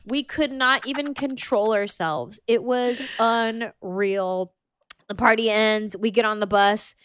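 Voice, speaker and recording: A young adult woman telling stories as a podcast guest, animated and acting out quotes with frequent laughter. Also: fairly high pitch, slow, smooth, no echo. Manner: animated storyteller, acts out quotes, laughs often. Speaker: guest author. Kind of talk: casual storytelling in a podcast interview.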